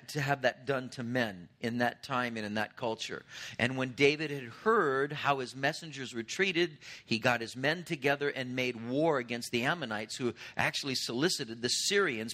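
A man's voice: medium pitch, pushed and bright. A man in his fifties preaching a sermon, retelling scripture in an earnest, conversational way. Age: 50s. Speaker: pastor.

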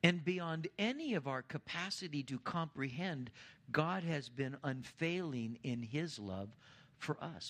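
A man's voice: lively intonation, a little slow. Impassioned male pastor preaching. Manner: impassioned, swells louder and higher on key points; drops to a hushed low voice at line ends. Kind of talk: sermon.

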